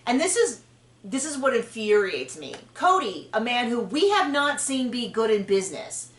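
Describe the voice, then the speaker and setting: A woman hosting a podcast, chatting frankly and opinionatedly about a reality show, with quick asides and self-corrections. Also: fairly high pitch, very animated, slight background noise. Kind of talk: casual opinionated chat. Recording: roomy distant mic.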